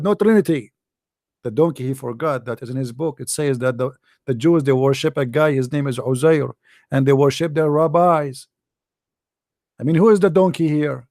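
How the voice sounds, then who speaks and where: A man's voice: on the high side, darkish tone, no echo, clean studio sound. A man giving a scornful, emphatic commentary monologue in non-native English phrasing, repeating phrases and laughing often. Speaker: online religious debater.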